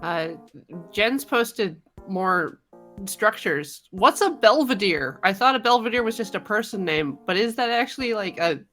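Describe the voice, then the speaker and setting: A playful co-host tossing out curious questions and jokes in casual stream chat. The voice is bright and the pitch moves about in a lively way. Faint music sits behind. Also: unhurried.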